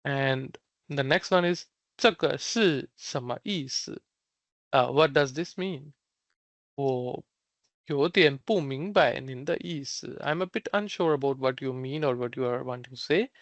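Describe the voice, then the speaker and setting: A man teaching an online Mandarin class, slowly repeating phrases and explaining them with fillers like "uh" and "like". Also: mid-range voice, no echo. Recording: dull, dry lo-fi sound.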